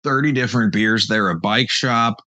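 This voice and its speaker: A man's voice: on the low side, moderate pace, pushed and bright, no room sound. A man hosting a casual chat, telling rambling stories and laughing often. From British Columbia, Canada. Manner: laid-back rambling storyteller, laughs often. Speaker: show host.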